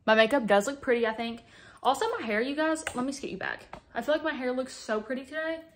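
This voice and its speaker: A woman's voice: high voice, fast talker, a little hiss or hum. A young adult woman doing a casual makeup vlog, chatty and dramatic with playful exaggeration, talking close to the camera at home. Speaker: beauty vlogger.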